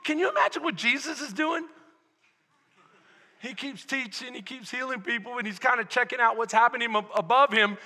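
Texan pastor guy, really high bright voice, shouting then going quiet, long hall echo. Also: brisk. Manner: animated, acts out the scene in voices, swings from shouting to hushed. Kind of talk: sermon.

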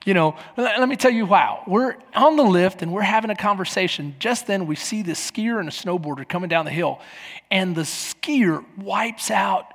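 A man's voice: high voice, moderate pace. A man from Texas, preaching a sermon in a church and acting out the people in his stories. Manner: animated, acts out quoted voices. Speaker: pastor. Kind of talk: sermon with storytelling. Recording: echoey hall.

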